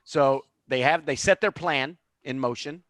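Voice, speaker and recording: A man's voice: medium pitch, unhurried, a bit bright, no echo. A man co-hosting a casual movie chat, teasing his co-host and retelling the film's scenes. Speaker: podcast co-host.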